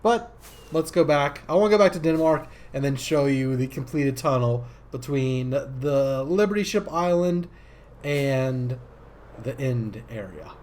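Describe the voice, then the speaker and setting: A man giving casual gameplay commentary as a let's-play host, rambling and easily excited, with many fillers. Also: medium pitch, a little slow.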